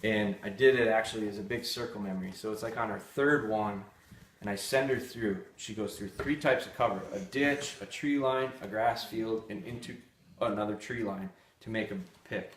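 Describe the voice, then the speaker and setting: Man, lowish voice, dog trainer, live Q&A, blunt and candid, echoey room. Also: normal speed, a little hiss or hum. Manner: candid, blunt, storytelling with restarts. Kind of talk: live Q&A, answering viewer questions.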